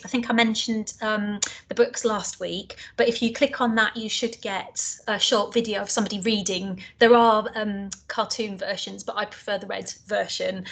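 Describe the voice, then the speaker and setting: A woman's voice: fairly high pitch, a bit bright. A woman with a Northern English accent giving an online lecture to trainee teachers, chatty with many ums and restarts. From Northern England.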